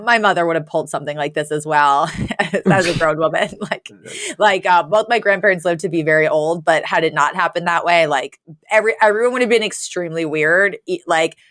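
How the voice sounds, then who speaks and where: A woman co-hosting a podcast, retelling a sitcom episode in casual chat, animated and full of laughs and filler words. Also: fairly low pitch, a little fast, no room sound. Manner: animated storytelling with frequent laughs and filler likes. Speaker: podcast co-host recapping an episode.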